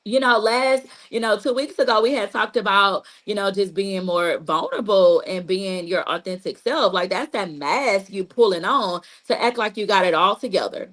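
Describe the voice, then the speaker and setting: A woman's voice: medium pitch, moderate pace, few pauses, fairly bright tone, poor audio. A woman therapist giving a casual, repetitive teaching talk on trauma healing, speaking straight to listeners and leaning on "you know" and "like". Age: adult with a child.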